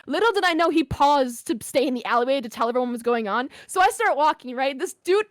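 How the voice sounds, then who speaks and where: Young woman guest, high bright-toned voice, animated storyteller, curses a lot, dry close mic. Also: fast, dry recording. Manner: animated, swears freely, lots of "like". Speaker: podcast guest, streamer. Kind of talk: casual storytelling.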